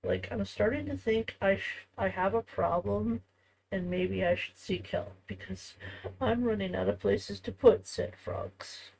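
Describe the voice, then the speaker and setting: A woman's voice: medium pitch, unhurried, vocal fry, darkish tone, rough recording. A woman streaming from home, chatting casually with viewers as she works on a craft. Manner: chatty, talks to viewers while working. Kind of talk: casual live-stream chat while crafting.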